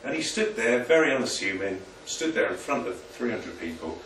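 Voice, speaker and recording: A man's voice: fairly low pitch, big pitch swings, normal speed, a bit bright, slight background noise. A man giving an informal, motivational business presentation to a room of people, chatty and self-deprecating. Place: meeting room with an audience. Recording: echoey room, picked up from a distance.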